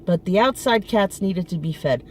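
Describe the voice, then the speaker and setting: A woman's voice: lowish voice, expressive, normal speed, slight background noise. Frustrated middle-aged woman venting. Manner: frustrated, emphatic, with many restarts. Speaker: vlogger. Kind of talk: casual personal venting. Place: outdoors in front of her apartment.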